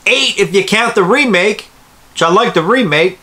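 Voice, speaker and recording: A man's voice: sits high, animated, normal speed. A man giving a profane, sarcastic ranting commentary while reviewing a movie. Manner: profane, sarcastic, swings from loud to muttering.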